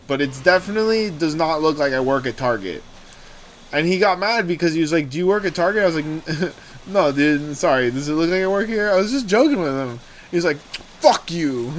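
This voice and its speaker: A young man hosting a gaming livestream, talking casually and telling rambling, animated stories with swearing. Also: a little high, slight background noise. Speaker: streamer host.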